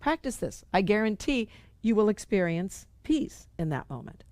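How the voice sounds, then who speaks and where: A woman's voice: mid-range voice, very animated, moderate pace, darkish tone, no room sound. Earnest woman teaching a spiritual class. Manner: earnest, conversational, repeats phrases for emphasis. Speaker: spiritual study group teacher.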